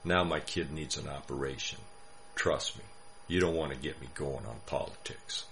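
A man's voice: a bass voice, moderate pace, gravelly, a bit bright, a little hiss or hum, exaggerated voice. A man voicing a blunt, tough middle-aged diner waitress who speaks firmly in a short story reading. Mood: stern. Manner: firm, plain-spoken scolding.

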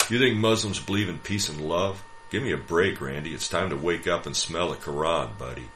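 A man voicing an old man who shouts indignant rants over lunch. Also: sits low, a little fast, background noise, voice pushed up, close to an everyday voice. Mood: scornful. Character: blustering old man ranting about guns.

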